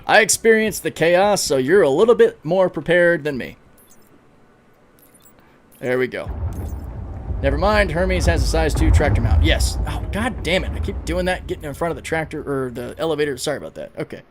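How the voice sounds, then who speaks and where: A man livestreaming a video game, giving excitable, casual commentary, swearing freely and talking to his chat. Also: fairly high pitch, moderate pace, a little hiss or hum. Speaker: gaming livestreamer.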